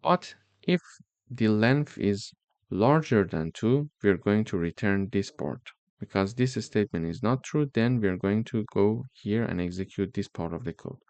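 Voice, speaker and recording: A man teaching a programming lesson, explaining slowly step by step and checking in with "okay?" as he goes. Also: fairly low pitch, expressive, a little mellow, no room sound. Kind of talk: screen-recorded coding tutorial.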